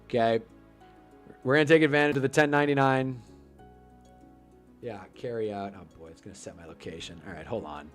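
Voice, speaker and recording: A young man hosting a live stream, ranting casually and growing loud in outbursts. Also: medium pitch, a little fast, pauses often, soft background music. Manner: frustrated, swearing, swings into loud outbursts.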